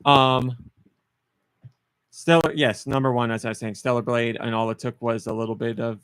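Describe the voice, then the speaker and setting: A man's voice: mid-range voice, steady tone, normal speed, a bit bright, clear, resonant tone, dry recording. Playful man hosting a podcast. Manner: playful, teasing quiz-master. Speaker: podcast host. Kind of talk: casual podcast banter.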